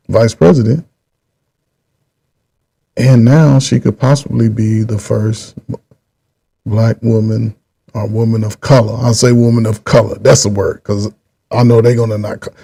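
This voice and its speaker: Middle-aged male host, husky and mellow, loose rambling commentary delivery. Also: mid-range voice. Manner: rambling, repeats himself, drawn-out pauses. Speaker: channel host. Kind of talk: casual political commentary.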